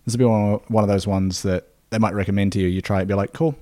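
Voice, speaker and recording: A man's voice: lowish voice, flat delivery, fast, mellow, no room sound. A man co-hosting a casual podcast, making dry jokes. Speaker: podcast co-host. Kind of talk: casual chat.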